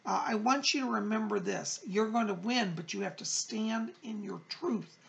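Gravelly, chatty male psychic host. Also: high voice, moderate pace, dull audio. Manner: chatty and effusive, with pet names for viewers. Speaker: psychic medium, show host. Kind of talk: casual chat to viewers.

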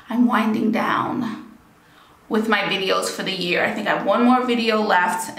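A young adult woman, a beauty vlogger and small business owner, chatting upbeat and excitable to her camera at home. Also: medium pitch, echoey room, low-quality recording. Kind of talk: casual chat to camera.

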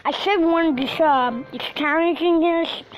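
A woman's voice: very high-pitched, measured pace, background noise. A woman hosting her own gaming channel, giving rambling, filler-heavy, crude, joking let's-play commentary. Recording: dull lo-fi recording with faint music.

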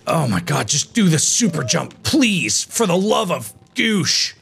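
A man doing frustrated gaming commentary, swinging from low mutters to sudden yelling as he plays. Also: sing-song, a little slow, vocal fry, a little hiss or hum. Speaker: gaming video host.

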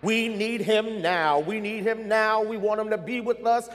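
A male pastor delivers a sermon in a church sanctuary, his voice sitting high for a man. He builds to rising, urgent stretches and then sinks to quiet, low asides, inviting the congregation to repeat after him. A long hall reverb trails every phrase. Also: steady tone, measured pace, soft background music. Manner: call-and-response preaching, rising and falling in intensity.

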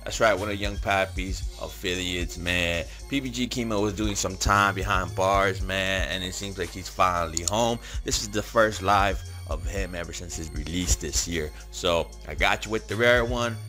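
A man with a low, grounded voice hosts a video channel in a hyped, casual commentary style. He tags nearly every phrase with "man". Faint music plays under him. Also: normal speed, hardly any pauses, sharp tone. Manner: hyped, keeps tagging lines with "man". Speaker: channel host.

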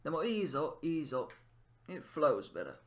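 This language teacher's voice is fairly high and sing-song at a normal speed. While playing a game he casually muses aloud, testing Japanese phrases and then unpacking them in English.

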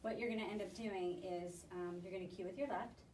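A woman dog trainer gives quick, upbeat instructions during a hands-on session. Her voice sounds a little distant and echoes around the room. A faint hiss sits underneath. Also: medium pitch, steady tone, darkish tone. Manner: brisk, encouraging instruction. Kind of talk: hands-on coaching.

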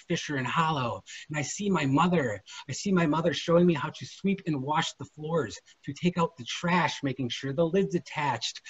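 Author reading fiction, high husky voice, dramatic, muffled lo-fi recording. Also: male voice. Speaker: featured author.

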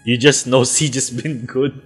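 A young man chatting casually while gaming with friends, teasing and excitable. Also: mid-range voice, breathy edge, faint music behind. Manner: teasing, excitable, quick to shout. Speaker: gamer.

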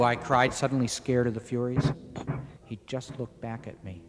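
A young man narrating his own poem in a measured, deliberate recitation. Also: mid-range voice, over music. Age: young adult. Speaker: poet narrator. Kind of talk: spoken poetry narration. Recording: echoey with steady background noise.

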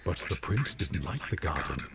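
A man narrating a rhyming bedtime story in a game, with a slow storyteller delivery. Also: rumbling low, sing-song, vocal fry, background noise, full character voice.

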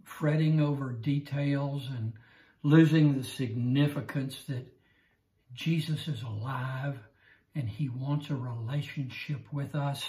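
A man's voice: medium pitch, fairly even intonation, takes it slowly, warm tone. A man teaching a Bible lesson in an earnest way, often stammering and repeating himself. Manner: earnest, repetitive, stammering restarts. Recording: roomy echo.

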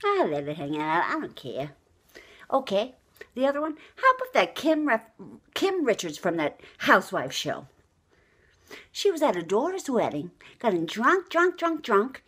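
A woman's voice: on the high side, sing-song, a little slow, fairly bright tone, slightly rough. A middle-aged woman delivering a brash, gossipy comic monologue to the camera, asking the listener outraged questions. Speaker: vlogger telling the news.

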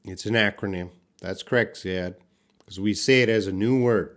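A man with a somewhat low voice leads a live online English writing class. He reads sample sentences aloud and quizzes his viewers, staying patient and never rushing.

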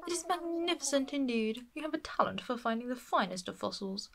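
A woman's voice: on the high side, animated, fairly quick, gravelly, a crowd in the background. Blathers, a woman doing a posh fussy owl. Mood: excitable, posh. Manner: posh put-on voice. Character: posh, fussy male owl museum curator. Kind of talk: reading game dialogue aloud in a voice.

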